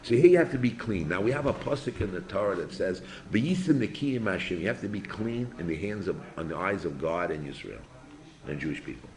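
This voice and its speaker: Speaking in a deep voice at a brisk clip, an older man teaches his yeshiva students. He's a rabbi giving an informal lecture, peppering the class with lively rhetorical questions.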